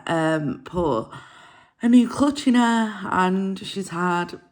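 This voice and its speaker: A woman's voice: on the low side, lively intonation, takes it slowly. A woman vlogging to camera from her camper van, crying through a rambling, apologetic chat. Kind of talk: casual vlog to camera.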